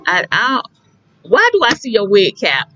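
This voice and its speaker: A woman's voice: medium pitch, huge pitch swings, normal speed, bright, forceful tone, dry recording, highs cut off. A woman vlogger chatting outdoors by a pool, rambling in a candid, slangy way. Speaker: beauty vlogger. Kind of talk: casual chat.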